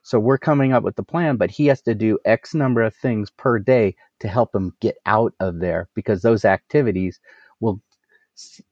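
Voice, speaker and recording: A man giving energetic business advice as a coach, asking rhetorical questions and laughing at himself. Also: lowish voice, moderate pace, dry recording, highs cut off. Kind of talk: casual business interview.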